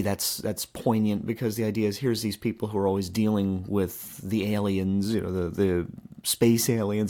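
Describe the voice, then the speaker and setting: A man's voice: on the low side, darkish tone. Chatty man rambling through a story. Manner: rambling, chatty, many fillers and restarts. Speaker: podcast host. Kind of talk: casual storytelling monologue. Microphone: handheld microphone.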